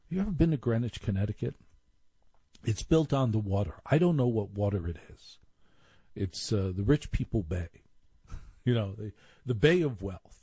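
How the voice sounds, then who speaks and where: A man's voice: mid-range voice, dark tone, breathy edge, dry recording. A man telling a wry personal story, now and then mimicking snobbish voices.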